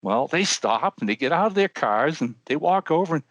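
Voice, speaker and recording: An older man co-hosting a podcast, telling a long joke with animated voices for the characters. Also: on the high side, moderate pace, no echo. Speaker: podcast co-host. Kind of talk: telling a joke, casual chat.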